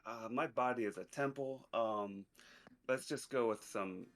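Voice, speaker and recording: A man's voice: medium pitch, a little slow. A man playing in a tabletop game, easygoing and hesitant, with many uhs. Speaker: player. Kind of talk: casual tabletop play.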